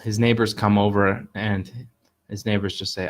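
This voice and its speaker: A man hosting a casual live stream, telling an old fable in a chatty, upbeat way and pausing to explain words as he points at pictures. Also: fairly low pitch, level tone. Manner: narrates over pictures he points at. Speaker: host telling Chinese fables.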